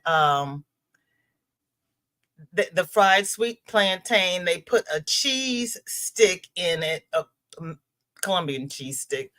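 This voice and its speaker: A woman's voice: on the low side, a bit bright. A middle-aged woman hosting a live stream, chatting casually and rambling between greetings to viewers by name. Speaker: livestream host.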